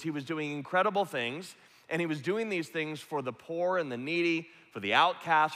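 A man's voice: a little high, bright, forceful tone. A man preaching a sermon, retelling a story earnestly and vividly. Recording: long hall reverb.

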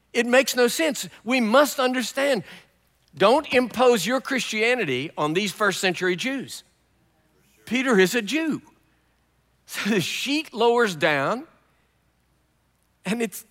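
Man, guest preacher, sermon, humorous storytelling, high bright voice, echoey church hall. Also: animated, slow, long pauses.

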